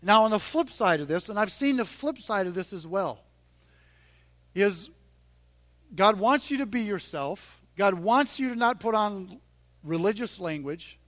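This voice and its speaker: A middle-aged man preaching a sermon in a conversational way, dropping to a hush and then rising loud and emphatic. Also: high voice, lively intonation, a little slow, dry recording. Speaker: pastor.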